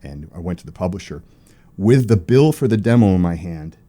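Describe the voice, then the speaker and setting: A middle-aged man, a songwriter guest in an interview, telling animated stories and acting out the people in them. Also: low-pitched, a little fast. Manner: animated storyteller, quotes people in character. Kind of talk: storytelling interview.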